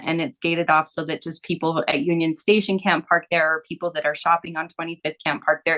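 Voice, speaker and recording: Young woman guest telling a story on a podcast, rambly, says like a lot, lowish voice. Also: a bit bright. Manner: rambling, full of "like" fillers. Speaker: guest, massage therapist. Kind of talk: casual storytelling.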